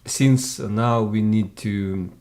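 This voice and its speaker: Slow-talking guy teaching english one on one, patient, repeats sounds over and over. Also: on the low side, fairly even intonation, darkish tone. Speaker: English tutor. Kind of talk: one-on-one language lesson.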